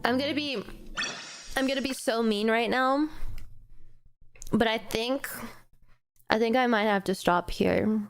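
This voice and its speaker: A woman's voice: a little high, unhurried, long pauses, clear, resonant tone, dry recording, soft background music. A young woman streaming a game and reading its story aloud, chatting in an emotional, effusive way and repeating herself often. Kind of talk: casual live-stream chat.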